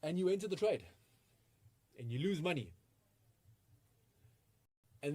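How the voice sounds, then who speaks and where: A man presenting a live online trading masterclass, energetic and full of rhetorical questions, with frequent chuckles. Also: fairly high pitch, measured pace, long pauses, husky, no room sound.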